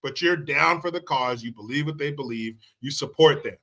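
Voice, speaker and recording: A man's voice: on the high side, moderate pace, fairly bright tone. A man hosting a commentary show, ranting in a heated, sarcastic and profane way. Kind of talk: profane political rant.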